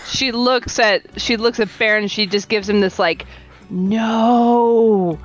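A woman's voice: mid-range voice, normal speed, a bit bright, lo-fi sound. A woman playing a tabletop game, giggling as she describes what her character does. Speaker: player. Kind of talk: casual tabletop play.

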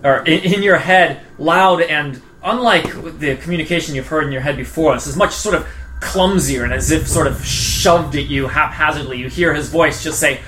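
Man, game master, slightly high voice, halting narration, faint noise. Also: pushed and bright, poor audio. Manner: hesitant, many fillers and restarts.

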